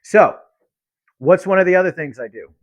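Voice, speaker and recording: A man's voice: sits high, expressive, normal speed, no echo. A man coaching real estate investors on talking with sellers, in a blunt, direct teaching manner. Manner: blunt, acts out both sides of calls. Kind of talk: teaching monologue with acted phone lines.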